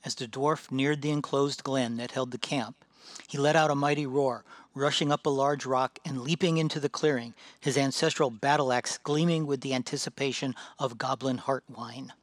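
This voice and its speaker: A man reading a fantasy tale aloud as narrator, measured and dramatic. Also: medium pitch, steady tone, no room sound.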